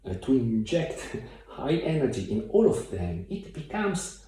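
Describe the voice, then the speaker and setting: A man giving a piano tutorial in a thoughtful, hesitant way, with many pauses and fillers, recorded from a distance in a room with a piano. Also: mid-range voice, big pitch swings, mellow. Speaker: piano teacher. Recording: very echoey room, mic far off. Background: piano playing.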